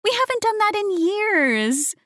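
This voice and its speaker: Woman doing a cheerful mom, middle-aged, way up high and gushing, dry sound. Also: sing-song, a little slow, fairly bright tone, no room sound, heavily acted.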